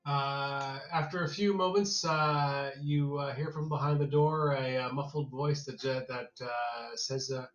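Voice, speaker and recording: Halting male game master, echoey lo-fi sound. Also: mid-range voice, fairly even intonation, recorded from a distance. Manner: halting narration full of fillers. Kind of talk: narrating a tabletop horror game. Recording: echoey, dull lo-fi room sound.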